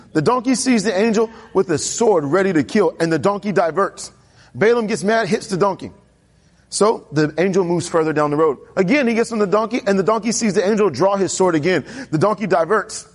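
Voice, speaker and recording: A man preaching a sermon as pastor, telling a Bible story with animated character voices and questioning the congregation. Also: husky. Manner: animated storytelling, voicing characters with pitch jumps.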